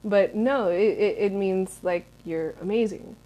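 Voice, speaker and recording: A woman's voice: mid-range voice, a little slow, dark tone. A young American woman in her twenties, answering viewer questions in a rambling, chatty vlog with lots of fillers. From United States. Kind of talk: casual Q&A chat.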